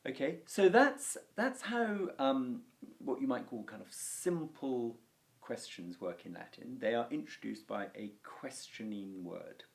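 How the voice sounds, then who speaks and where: Slow, lively man teaching Latin grammar. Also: mid-range voice, gravelly. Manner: unhurried, repeats words, slows for Latin examples. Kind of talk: relaxed spoken grammar lesson.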